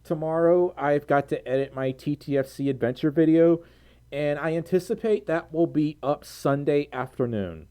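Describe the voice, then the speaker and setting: An American streamer, tired and casual, chats on a live stream, giggling and rambling as she reads out viewer donations. The voice is medium-pitched, mellow, clear and resonant, at a moderate pace.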